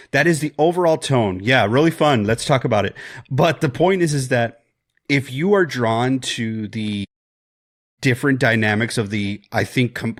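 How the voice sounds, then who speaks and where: A man co-hosting a podcast, talking through a horror film in a rambling, animated way with jokes and swearing. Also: medium pitch. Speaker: podcast co-host. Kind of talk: casual film discussion.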